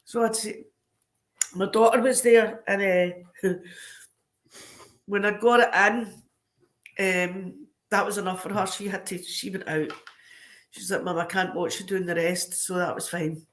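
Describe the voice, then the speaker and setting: A woman with a Scottish accent, a podcast guest telling animated anecdotes in a casual way. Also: mid-range voice, unhurried, long pauses. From Scotland. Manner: lively, animated anecdotes broken by frequent laughter. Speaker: podcast guest, crime scene cleaner. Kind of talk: casual storytelling.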